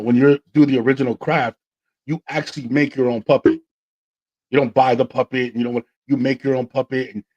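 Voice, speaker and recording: A man hosts a casual podcast and spins a long dating story. He acts out each line of dialogue as he goes, and his voice sits at an ordinary middle pitch. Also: poor audio. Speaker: podcast host.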